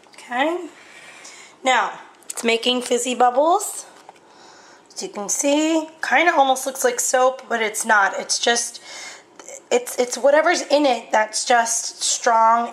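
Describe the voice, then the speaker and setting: A woman's voice: on the high side, a little hiss or hum, rough recording. A woman chatting casually as she talks viewers through a demonstration, step by step. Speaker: vlogger.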